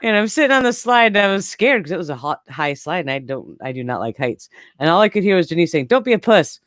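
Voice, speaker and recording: A woman's voice: deep voice, lively intonation, fast talker, a bit bright, no echo. Candid woman in her forties, dry sound. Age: 40s. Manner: candid, laughs often. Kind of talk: casual chat.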